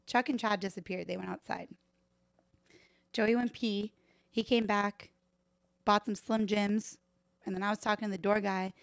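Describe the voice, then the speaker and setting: Animated, profane woman telling bar stories. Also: mid-range voice, normal speed, creaky, pauses often, no echo. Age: 30s. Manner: animated, profane, laughs often, acts out voices in anecdotes. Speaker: bartender guest. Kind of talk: casual podcast storytelling. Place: podcast live stream room.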